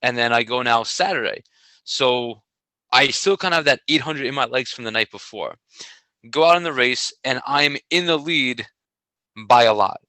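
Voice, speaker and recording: Man, middle-aged, bright tone, dry close sound, animated storytelling, casual podcast chat. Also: mid-range voice, normal speed, no room sound, poor audio. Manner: animated storyteller, laughs often. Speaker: podcast co-host, track coach.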